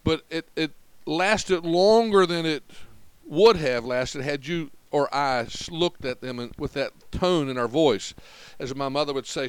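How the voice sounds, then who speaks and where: A man's voice: fairly high pitch, unhurried, dry recording, poor audio. A man preaching a sermon in an earnest, conversational manner, walking through Bible verses. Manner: earnest, conversational Bible teaching with acted-out quotes.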